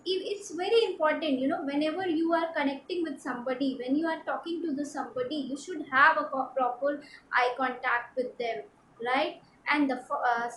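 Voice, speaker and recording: A woman from India, a personality development trainer, giving a halting instructional talk with many fillers and repeats. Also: high-pitched, echoey room, slight background noise, low-quality recording.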